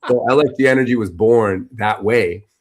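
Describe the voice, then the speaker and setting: Deep-voiced man telling a story. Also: normal speed. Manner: animated, loose and conversational, full of "you know" and "like". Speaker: podcast guest. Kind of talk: casual storytelling interview.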